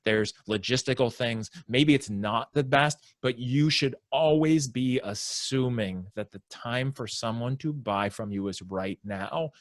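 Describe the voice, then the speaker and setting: Man explaining sales in a lively way. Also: medium pitch, a little slow, few pauses, no echo, studio quality. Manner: animated explainer, acts out prospects' inner voices. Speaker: sales consultant, podcast guest. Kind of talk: conversational interview.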